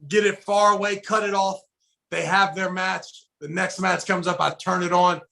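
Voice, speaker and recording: At normal speed, a podcast co-host with a creaky voice that sits high recounts a story in relaxed conversation. His style is profane and animated: he swears freely and acts out what others said.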